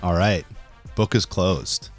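Low-voiced man, halting podcast host. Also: faint music behind. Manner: halting, repeats words while speaking. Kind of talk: casual podcast chat.

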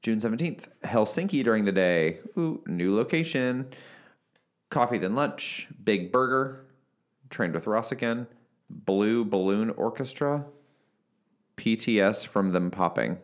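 A man with a very deep voice hosts a casual podcast. He reads out diary entries and teases his co-host playfully. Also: animated, a little slow. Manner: teasing, playful. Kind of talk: casual chat, reading out a diary and asking questions.

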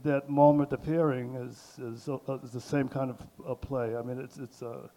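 An older man speaking on a panel, halting and full of restarts and fillers as he works through his thoughts. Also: medium pitch, fairly even intonation, warm tone. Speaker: artist on a panel. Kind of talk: hesitant panel talk.

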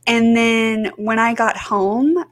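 A woman's voice: a little high, takes it slowly. A woman co-hosting a podcast, chatting casually with many fillers and restarts. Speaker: podcast co-host. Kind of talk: casual chat.

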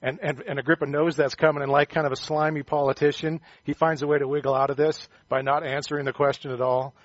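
A man's voice: fairly high pitch, flat delivery, fast talker, no echo, muffled recording. Joking, conversational male preacher. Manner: conversational and joking, acts out quoted voices. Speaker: pastor. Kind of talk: sermon.

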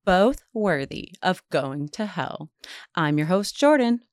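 A woman co-hosting a podcast in casual chat, reacting with quick, supportive interjections. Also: fairly low pitch, very animated, no echo, studio quality. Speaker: podcast co-host.

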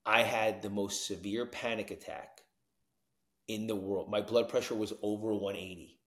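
A man telling his recovery story as a podcast guest, animated, dropping to hushed tones and jumping to loud whoops. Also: on the low side, normal speed, echoey room. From New Jersey.

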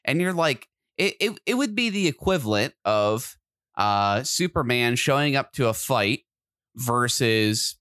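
A man co-hosting a podcast in casual chat, excitable and quick to get loud and animated. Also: mid-range voice, clean tone, dry recording, studio quality. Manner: excitable, gets loud and animated when riled. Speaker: podcast co-host.

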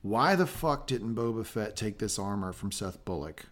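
A man hosting a casual podcast recap, talking in an excitable, animated and profane way. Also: on the low side, normal speed. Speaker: podcast host. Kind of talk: casual chat, show recap.

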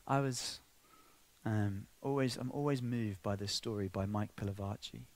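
A man preaching a sermon, building to emotional peaks then dropping to a hush. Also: fairly low pitch, moderate pace. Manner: impassioned, swinging between soft and loud.

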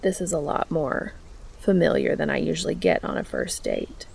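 A woman voicing a shy, formal young man on a first date, speaking low, quiet and close in a soothing way. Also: wildly swooping pitch, normal speed, creaky, husky, heavily acted. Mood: gentle. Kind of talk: audiobook reading of fan fiction.

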